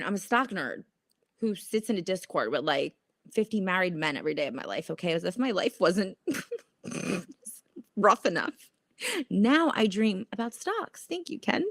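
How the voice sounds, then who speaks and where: On a casual stock trading livestream, a woman with a fairly low voice reads viewer comments and chats. She is animated, profane, and self-mocking, laughing throughout, and there's no echo.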